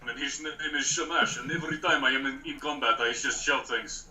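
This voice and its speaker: A man's voice: mid-range voice, brisk, pushed and bright, slight background noise. A man playing in a tabletop game, chatting casually in a laid-back way. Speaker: player.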